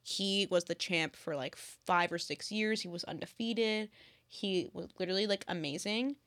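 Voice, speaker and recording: A woman's voice: lowish voice, a bit bright. Chatty young woman rambling about sports. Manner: rambling, fast, heavy "like" filler. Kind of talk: casual sports chat.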